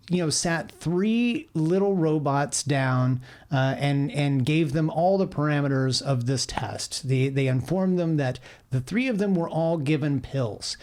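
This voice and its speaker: A man co-hosting a podcast in casual chat, halting and filling pauses with "uh". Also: medium pitch, a little mellow. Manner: hesitant, many fillers. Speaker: podcast co-host.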